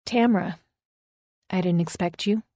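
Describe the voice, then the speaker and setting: A woman reading an audiobook, voicing a smug young female rival who talks calmly and condescendingly. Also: lowish voice, a little slow, no echo, close to an everyday voice. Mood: cool. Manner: calm, falsely sweet, condescending. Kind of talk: audiobook character voice.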